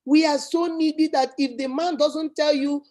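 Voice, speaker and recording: Warm and high-pitched, this talk show host speaks at a moderate pace with fairly even intonation. Her advice chat is preachy and emphatic, and she keeps hammering the same points.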